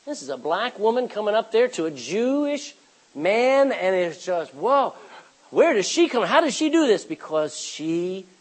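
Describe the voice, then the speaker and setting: A man preaches with animated energy, slipping into the voices of the people in his stories. His voice is pitched high and sounds husky, carried through a church. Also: measured pace, poor audio. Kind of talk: sermon.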